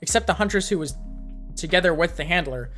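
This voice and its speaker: A woman reads fan fiction aloud in a casual live-stream manner. Her voice sits on the low side, and she breaks in with blunt, profane side comments. Soft music plays faintly underneath. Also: animated, fast.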